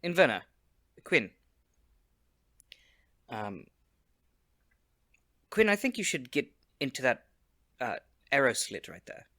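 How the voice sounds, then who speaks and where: A man playing his character in a tabletop game, eager and upbeat. His voice is very bright and sharp, in a mid pitch, and the recording is dry and close. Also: wildly swooping pitch, measured pace, long pauses, dry recording. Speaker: player.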